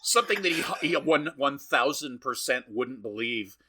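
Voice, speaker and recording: Animated man with a bright voice. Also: mid-range voice, moderate pace, slight background noise. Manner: animated, swearing, acting out characters' lines. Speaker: podcast co-host. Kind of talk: casual chat recapping a film.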